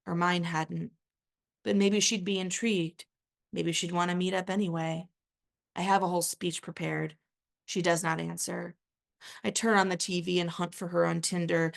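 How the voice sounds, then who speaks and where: Woman author reading her fiction at an event, low gravelly voice, pretty flat and steady. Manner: measured, even first-person reading with a dry aside. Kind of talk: literary reading aloud.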